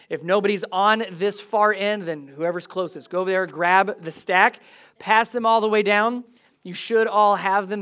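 A pastor preaching a sermon to a congregation in a church, talking in a lively, conversational way, with humor and big swings from quiet to loud. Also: medium pitch.

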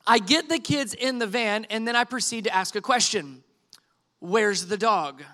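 High, bright-voiced man telling a story. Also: moderate pace. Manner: animated storytelling, acts out quotes, self-deprecating asides. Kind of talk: sermon illustration told as a story.

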